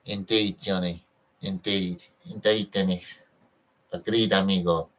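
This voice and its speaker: A gurgly old jazz crooner with a deep, gravelly rumble, as a man puts him on. He drags out each word in a low, slow drawl, mellow and unhurried. The voice sits well below the speaker's normal pitch. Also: steady tone.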